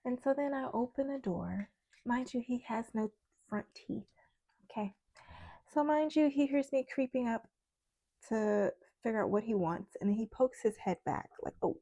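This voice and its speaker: A woman tarot reader tells a story in a chatty, animated way. Her voice is gravelly and mellow, and the close mic in a dry room keeps it intimate. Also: a little high, moderate pace, dry recording. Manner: chatty, animated retelling with many asides. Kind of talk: casual storytelling vlog.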